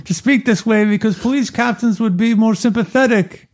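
A man voicing a middle-aged lawyer who shouts his words in a stiff, formal way. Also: sits high, moderate pace, voice pushed up, lightly acted. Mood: stiffly loud.

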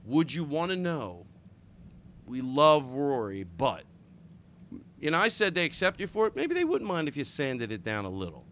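Lively comedian host, wide pitch swings. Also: male voice, a little hiss or hum. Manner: animated, swearing, quick jokes. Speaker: podcast host. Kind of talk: casual chat.

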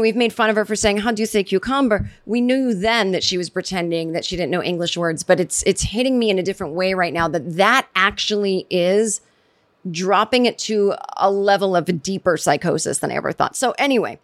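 Brisk and medium in pitch, a woman runs her comedy podcast solo, rambling sarcastically and repeatedly restarting herself or wandering into asides.

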